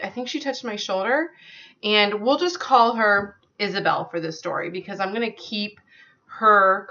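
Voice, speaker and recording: A woman's voice: mid-range voice, sharp tone, dull audio. A woman telling a personal story to her viewers in an earnest, conversational way, with many fillers. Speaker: vlogger.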